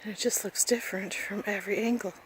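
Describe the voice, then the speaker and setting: A woman vlogging on a phone as she hikes through caves and woods, talking excitedly to the camera and out of breath at times. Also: mid-range voice, quick pace, a little hiss or hum. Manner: chatty, excited, talking to camera while walking. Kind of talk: casual hiking vlog. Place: outdoors in caves and forest. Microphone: phone held while walking.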